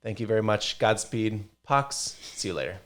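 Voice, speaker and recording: A man's voice: fairly low pitch, lively intonation, moderate pace. A man hosting a casual podcast, giving affirming replies and closing the episode. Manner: warm affirming interjections and sign-off. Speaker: podcast host.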